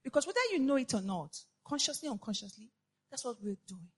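Husky, high-voiced woman preaching. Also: animated, fast talker. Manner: impassioned, repetitive rhetorical questions, rising to shouts. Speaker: preacher addressing women. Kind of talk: sermon.

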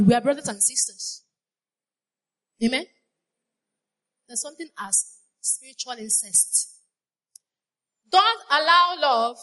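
A woman preaches a sermon in a high-pitched, sharp voice, repeating her phrases. She uses call-and-response, putting questions to the congregation.

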